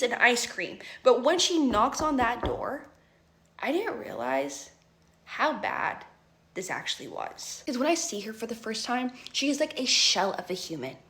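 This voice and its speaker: A young woman in her twenties tells a juicy story straight to her audience, keeping it dramatic and chatty. Her voice is a little higher than most women's, and she keeps tossing in "right?" and "okay?" to pull the listener along. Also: a bit bright. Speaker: vlogger. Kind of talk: storytime vlog.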